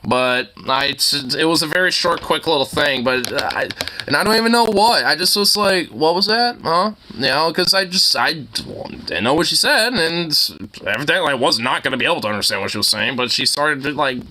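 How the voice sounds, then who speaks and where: A man's voice: a little high, moderate pace, slight background noise. A man streaming, reacting to a video with casual, profane, exasperated commentary. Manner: animated, profane, exasperated ranting.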